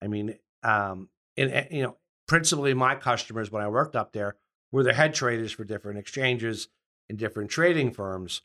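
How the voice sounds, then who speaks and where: A man's voice: on the low side, moderate pace, pushed and bright. A man with a Long Island New York accent, a yacht broker guest talking casually with many restarts and "I mean" fillers. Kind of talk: casual interview talk.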